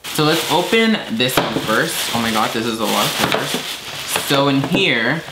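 A man's voice: medium pitch, expressive, measured pace. A young man chatting casually as host of his own vlog, unfiltered and swearing now and then. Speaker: vlogger. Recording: noisy home video.

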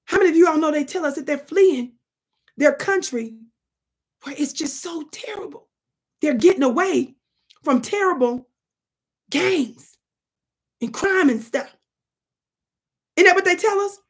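A woman's voice: sits high, expressive, unhurried, long pauses. A middle-aged woman giving emphatic, casual commentary to camera, talking straight to her viewers. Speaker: political commentary vlogger.

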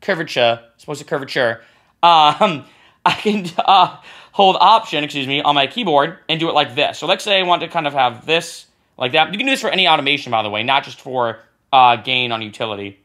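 A man giving a casual music production tutorial, talking as he clicks through software and often tagging lines with "right?". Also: a little high, a little fast. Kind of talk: screen-recorded software tutorial.

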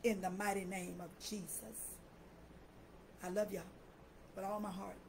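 A woman's voice: mid-range voice, level tone, measured pace, vocal fry, a little hiss or hum, low-quality recording. An older woman minister preaching and praying with fervent, repetitive declarations, often breaking into laughter. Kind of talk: live-streamed preaching and prayer.

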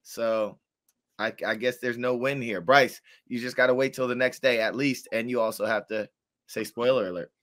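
A man speaks as a guest on a casual podcast in a measured way, thinking points through aloud. His voice sits in a middle pitch. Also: steady tone, a bit bright.

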